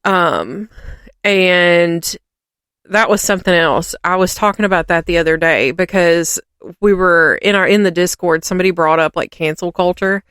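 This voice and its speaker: A woman's voice: lowish voice, moderate pace, fairly bright tone, smooth, dry recording, studio quality. A woman co-hosting a podcast, rambling and ranting in casual chat with lots of fillers. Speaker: podcast co-host.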